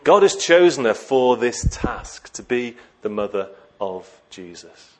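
A man's voice: medium pitch, sing-song, slow. Man preaching in a chatty way. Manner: conversational, asks the listeners rhetorical questions. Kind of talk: sermon.

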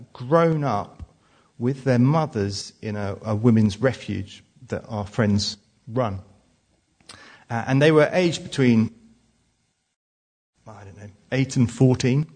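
Preacher, male, 40s, husky, chatty storytelling sermon. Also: mid-range voice, darkish tone. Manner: conversational, frequent restarts and "uh" fillers. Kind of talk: sermon with personal stories.

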